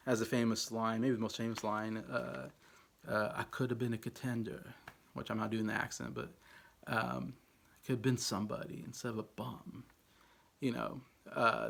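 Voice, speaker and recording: Gravelly low-voiced man rambling about movies. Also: a bit bright. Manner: rambling, many fillers and hedges. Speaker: film reviewer. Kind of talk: casual movie ranking talk.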